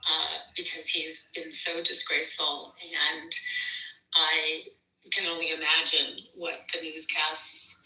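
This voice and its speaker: A woman calling in to a political show, indignant and halting, with lots of fillers. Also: deep voice, monotone, pushed and bright. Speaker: caller. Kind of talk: call-in political opinion. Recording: echoey, distant from the mic.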